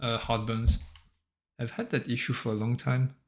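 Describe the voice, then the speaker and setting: Streaming his work as a solo game developer, a man with a French accent and a slight sore throat chats casually, rambling and entertained by his own remarks. His voice sits at medium pitch, level in tone, at a normal speed.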